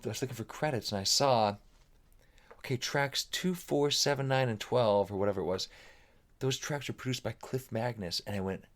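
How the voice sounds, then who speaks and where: Guy on a podcast telling stories, acts out everybody's lines, normal pitch, lots of like. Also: moderate pace. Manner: animated, acts out quoted remarks, frequent "like" fillers, swears casually. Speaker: guest musician. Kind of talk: casual storytelling.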